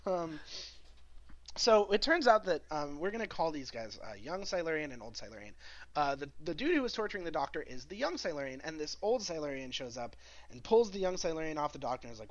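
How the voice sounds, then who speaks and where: A man's voice: on the high side, very animated, fairly quick, lo-fi sound. A man co-hosting a podcast, recapping an episode in a rambling casual chat full of fillers and laughs. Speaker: podcast co-host.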